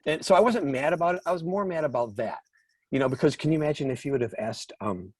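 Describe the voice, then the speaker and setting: Male guest musician, husky, self-deprecating storyteller in a dry recording. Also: a little high, fast talker, a little mellow, dry recording. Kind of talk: casual interview chat.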